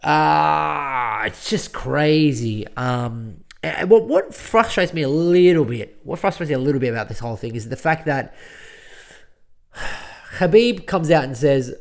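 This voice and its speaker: A man's voice: on the high side, expressive, measured pace, creaky. Male solo podcast host, chatty and rambling, ranting commentary with lots of restarts. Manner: rambling, repeats words, ranting.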